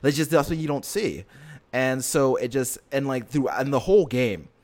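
A man's voice: medium pitch, animated, normal speed, darkish tone. A man in casual chat, retelling a story earnestly in a rambling way with lots of fillers and restarts. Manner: earnest and emotionally invested.

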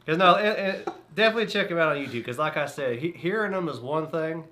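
A man's voice: fairly high pitch, expressive, fast talker, pushed and bright, a little hiss or hum. A man with a West Texas accent, a podcast co-host signing off in a folksy, slightly sheepish way. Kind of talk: casual podcast outro.

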